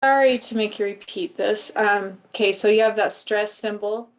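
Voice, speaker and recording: A woman's voice: medium pitch, steady tone, moderate pace. A woman student in a class, apologetically asking the teacher to clarify a point.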